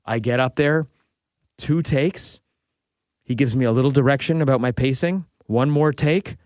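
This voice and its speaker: A man in his forties tells a story on a podcast in a casual, chatty way. He slips into the voices of the people he quotes, so the telling stays lively. His voice sits in a middle register, and the studio mic gives it a dry, close sound. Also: mid-range voice, normal speed, no echo. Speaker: podcast co-host.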